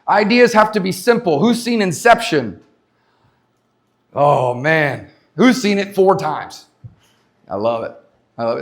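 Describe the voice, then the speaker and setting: A man giving an energetic motivational talk to a live audience at a leadership summit, repeating his points and asking the crowd questions. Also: sits high. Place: conference stage before a live audience.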